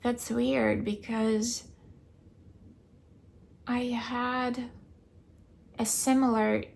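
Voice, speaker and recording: A young woman keeping a video diary, recounting a dream in a hesitant way, searching for words and filling pauses with "like". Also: on the high side, little pitch movement, creaky, a little mellow. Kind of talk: casual personal storytelling.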